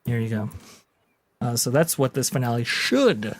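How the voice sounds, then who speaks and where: Male podcast host, casual, explanatory, average pitch. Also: very animated, moderate pace. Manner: chatty, explanatory, with frequent fillers. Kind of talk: casual commentary over video clips.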